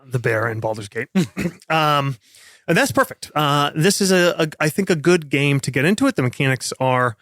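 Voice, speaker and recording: Animated guy running the game, talks a little high, dry close mic. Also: moderate pace, dry recording. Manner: rambling, joking. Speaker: game master. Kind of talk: casual chat.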